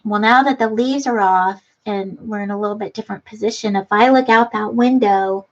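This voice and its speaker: A woman's voice: medium pitch, moderate pace, dull audio. A middle-aged woman hosting a casual craft livestream from her front room, chatting and giggling with viewers as she reads their comments. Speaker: livestream host. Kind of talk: casual chat while crafting, reading comments. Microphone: computer webcam mic.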